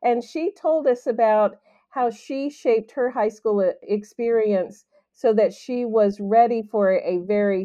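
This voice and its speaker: An enthusiastic woman hosts a podcast, introducing and encouraging her guest in easy, casual talk. Her voice is mellow and relaxed, and the recording sounds muffled and lo-fi. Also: mid-range voice. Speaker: podcast host. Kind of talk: casual interview chat.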